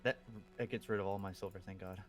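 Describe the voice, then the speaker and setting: Male tabletop player, lowish voice, halting and stumbling, faint music behind. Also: steady tone. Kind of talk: tabletop game play.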